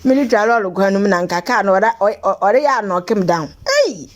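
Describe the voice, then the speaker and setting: A woman's voice: medium pitch, fast talker. A woman presenting local news commentary in a chatty, teasing way.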